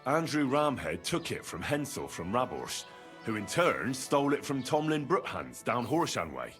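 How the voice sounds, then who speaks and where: A man voicing a young healer who speaks calmly and bargains shrewdly. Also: medium pitch, normal speed, faint music behind. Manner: calm, persuasive, shrewd.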